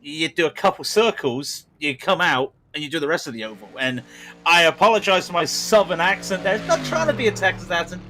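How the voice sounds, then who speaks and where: Man, sim-race co-commentator, bright tense voice, lively pitch, faint music behind. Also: fairly quick. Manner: animated, stumbling over words. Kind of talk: live sim-racing commentary.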